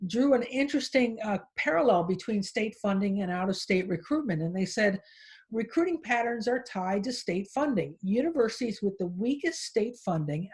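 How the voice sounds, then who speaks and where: Slightly husky woman hosting a podcast. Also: medium pitch, a little mellow. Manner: reads out research findings, then asks the guest. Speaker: podcast host. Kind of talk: podcast interview.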